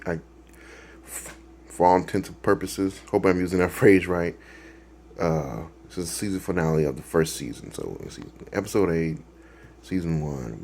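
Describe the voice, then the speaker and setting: A man's voice: low-pitched, slightly rough. A man hosting a reaction video, talking in a rambling, casual way with lots of fillers and restarts and laughing at his own jokes.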